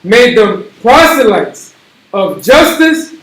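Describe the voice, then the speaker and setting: A man reading a footnoted text aloud slowly and carefully, stumbling over some words. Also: high-pitched, sing-song, a bit bright, echoey room, rough recording. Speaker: scripture reader.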